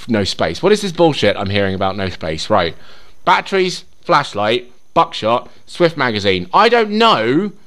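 A man's voice: medium pitch, big pitch swings, normal speed. A young man giving casual, sweary commentary as he plays a survival game, talking to himself and the game. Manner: drops to a whisper while sneaking; shrieks and yells in panic during chases. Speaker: gaming YouTuber. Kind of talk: casual let's-play commentary.

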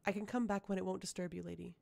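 A woman voicing a timid young servant girl who speaks meekly and softly, faltering at times, in an audiobook reading. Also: medium pitch, fairly even intonation, racing, vocal fry. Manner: meek, soft, faltering.

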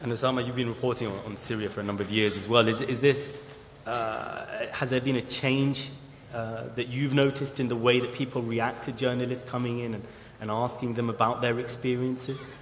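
A man moderating a festival panel, framing questions haltingly with frequent restarts. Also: mid-range voice, little pitch movement. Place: large festival hall. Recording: roomy echo and long hall reverb, faint noise.

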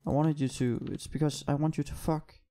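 A young man giving excitable gameplay commentary, swearing constantly and often bursting into laughter. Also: a little high, fairly quick. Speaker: gaming YouTuber.

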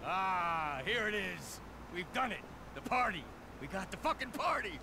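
A flamboyant, effusive showbiz man in a video game. His fairly high voice leaps wildly up and down as he plays to the room. Steady noise sits under the game audio. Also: measured pace, vocal fry, full character voice. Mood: grand. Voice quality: theatrical, effusive.

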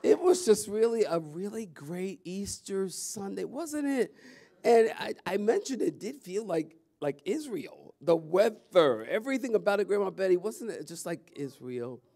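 A man's voice: high-pitched, unhurried, creaky. A man, a pastor talking casually and animatedly to his congregation in a church. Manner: chatty and animated, calls out to the audience. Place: church sanctuary.

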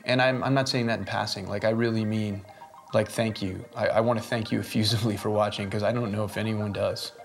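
A man's voice: on the low side, fairly even intonation, fairly quick, creaky, faint music behind. A man hosting a comedy web show, delivering mocking, sardonic commentary and chuckling through his own jokes.

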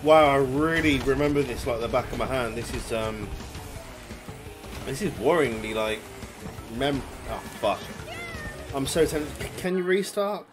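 A man giving excitable, swear-heavy let's play commentary, yelling at the game as he plays. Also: medium pitch, unhurried, pauses often. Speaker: gaming YouTuber. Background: game music.

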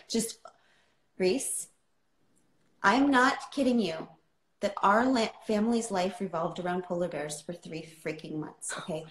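A woman's voice: medium pitch, measured pace, pauses often, echoey room, rough recording. A woman author telling a personal story in a livestream chat, impassioned and often asking "right?". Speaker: author guest.

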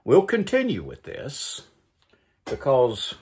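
A man hosts a morning show, reading out jokes in a folksy storyteller's manner. His voice is husky and he takes his time. His pitch rises and falls a great deal. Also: huge pitch swings, slow pace, darkish tone. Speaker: host. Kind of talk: casual joke reading.

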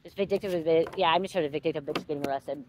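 A woman's voice: low-pitched, rapid-fire, background noise. Heated, emphatic woman doing a psychic reading. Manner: emphatic, repetitive, swears freely; gets worked up and heated. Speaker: psychic card reader. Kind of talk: direct-to-viewer psychic reading.

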